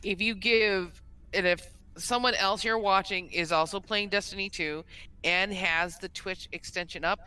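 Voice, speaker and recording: A woman's voice: mid-range voice, steady tone, measured pace, bright, forceful tone, clear, resonant tone, low-quality recording. A woman co-hosting a stream, chatting in a playful, easygoing way and laughing along. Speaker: streamer and co-host. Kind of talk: casual stream chat.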